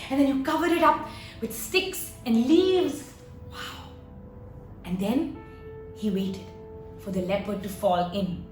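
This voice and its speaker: A woman telling a story to children, animated and encouraging, asking them to act along. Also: medium pitch, measured pace, reverberant, recorded from a distance, soft background music. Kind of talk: interactive children's story-time.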